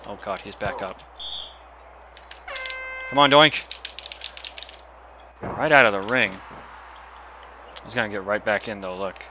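A young man giving casual gameplay commentary, excitable and swearing as he yells at the game. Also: mid-range voice, a little slow, pauses often, a little hiss or hum. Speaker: gamer.

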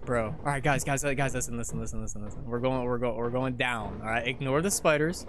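A man chatting casually while playing a co-op game with friends, excitable, yelling and swearing. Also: mid-range voice, quick pace. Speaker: gamer. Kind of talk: casual co-op gaming chat. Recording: roomy sound with faint noise.

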